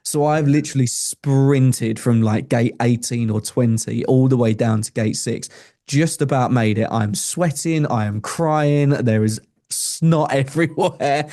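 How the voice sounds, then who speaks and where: Young guy telling a story on a podcast, earnest, lots of restarts, mellow warm voice. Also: medium pitch, a little slow. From England. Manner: earnest, emotional, frequent restarts and fillers. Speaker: podcast guest. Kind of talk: conversational storytelling.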